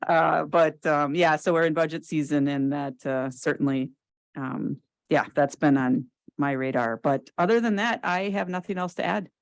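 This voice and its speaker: A woman's voice: low voice, moderate pace, dry recording. A woman talks casually, with plenty of ums and uhs, as she reports as a director. Her voice is dry and close, with no room sound. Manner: casual, many fillers. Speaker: extension director. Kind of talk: meeting report.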